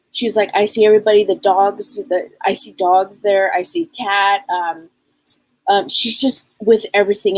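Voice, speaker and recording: A woman psychic medium on a live show, passing on messages in a halting, repetitive way and speaking them in the first person. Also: mid-range voice, a little mellow, no echo, poor audio.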